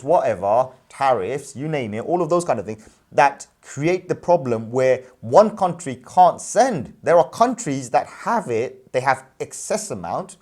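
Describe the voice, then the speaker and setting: Emphatic man ranting in casual talk. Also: medium pitch. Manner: animated, emphatic, repeats points with rhetorical questions. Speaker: businessman and parent, show host. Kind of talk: casual discussion.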